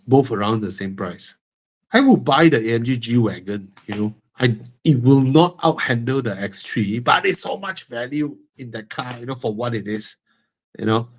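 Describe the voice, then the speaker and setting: A man's voice: mid-range voice, animated, moderate pace, darkish tone. A man with a Malaysian English accent hosting a live car-buying Q&A, frank and joking, with a stuffy nose that makes him breathe heavily. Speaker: host answering car-buying questions. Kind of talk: live Q&A stream.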